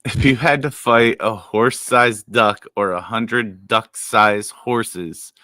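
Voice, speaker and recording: A man's voice: fairly low pitch, steady tone, slow pace, bright, forceful tone, no room sound. A man co-hosting a podcast in casual chat, asking the others questions and laughing often. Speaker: podcast co-host.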